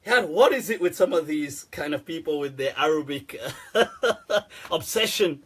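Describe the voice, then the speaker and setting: A man's voice: a little high, expressive, moderate pace, a bit bright, husky. A man answering questions in a casual, sarcastic rant, laughing often and swearing freely. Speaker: Islamic scholar answering questions. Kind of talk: casual ranting commentary.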